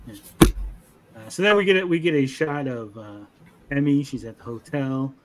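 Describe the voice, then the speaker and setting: A young man co-hosting a casual anime review, animated, acting out character lines in funny voices. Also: mid-range voice, normal speed. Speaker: podcast co-host.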